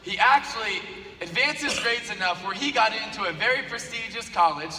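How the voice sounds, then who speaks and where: A man's voice: high voice, fairly quick, slight background noise. A man giving a motivational speech, telling a story with lots of repetition for emphasis. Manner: animated storyteller, repeats phrases for emphasis. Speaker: speaker. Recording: echoey hall, from far off, faint ambience.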